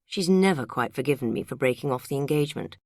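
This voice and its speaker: A worldly, self-mocking woman spins tipsy tales with dry, amused humour, as a woman reading an audiobook voices her. Her voice sits low. The sound is close and dry. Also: expressive, fast, a little mellow, dry recording, exaggerated voice. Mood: wry amused. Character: wry, worldly woman friend, tipsy storyteller.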